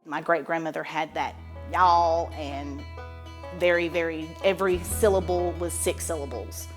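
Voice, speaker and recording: A woman with an Arkansas Southern accent reminisces in a lowish voice. She is reflective, and clear music plays behind her. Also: steady tone, a little slow. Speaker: interviewee.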